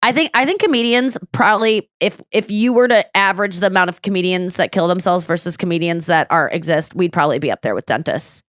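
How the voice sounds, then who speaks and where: A woman hosting a comedy podcast in casual chat. She talks with animated, profane disbelief. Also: fairly low pitch, fast, hardly any pauses, dry recording, studio quality. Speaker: podcast host.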